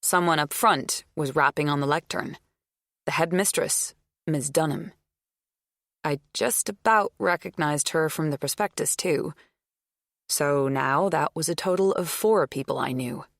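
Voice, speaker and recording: A woman reading a first-person thriller audiobook in a measured, steady way. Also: sits low, no echo, clean studio sound. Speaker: audiobook narrator.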